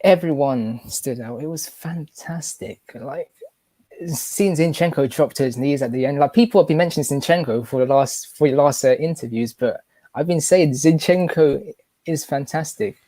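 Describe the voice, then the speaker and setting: A man calling in to a fan show, emotional and halting, with many restarts. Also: on the high side, dark tone, no room sound. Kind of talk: casual live chat.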